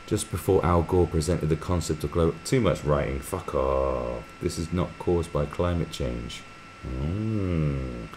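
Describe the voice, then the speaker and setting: A man's voice: a bass voice, a little slow, a little mellow, slight background noise. A man hosting a live stream, reading viewer comments aloud and mocking them in a crude, sarcastic way.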